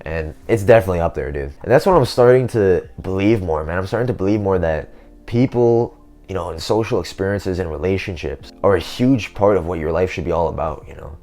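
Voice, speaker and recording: Low-voiced young man rambling in slang. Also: fairly quick, mellow. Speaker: self-improvement vlogger. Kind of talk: casual vlog monologue.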